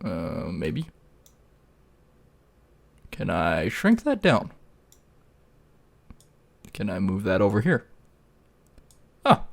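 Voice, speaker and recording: A man narrating his own screen-recorded tutorial, in a slow, unhurried way. His pitch swings widely as he rambles, chuckles and drops the odd swear word, with keyboard typing clicking in the background. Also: huge pitch swings, vocal fry. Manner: rambling, laughs often, swears casually. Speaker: YouTuber.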